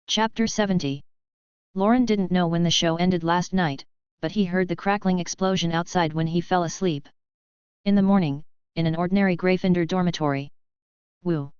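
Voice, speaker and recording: A woman with a lower voice reads a storybook aloud in a steady, unhurried way. Her tone is very smooth and clean, close and dry, though the audio sounds a little muffled. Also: no echo. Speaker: audiobook narrator. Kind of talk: flat scripted narration.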